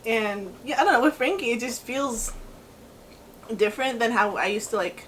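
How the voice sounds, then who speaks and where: A woman's voice: a little high, moderate pace, fairly bright tone, a little hiss or hum, rough recording. A young woman co-hosting a podcast, chatting casually with many fillers and easy laughter, talking about raising her daughter. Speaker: podcast co-host. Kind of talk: casual conversation.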